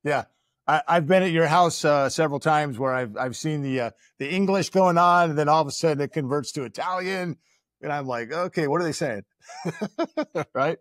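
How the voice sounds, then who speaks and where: A man's voice: on the high side, moderate pace, no echo. A man hosting a casual podcast chat in a studio, rambling and searching for words with many fillers. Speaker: podcast host. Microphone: studio microphone.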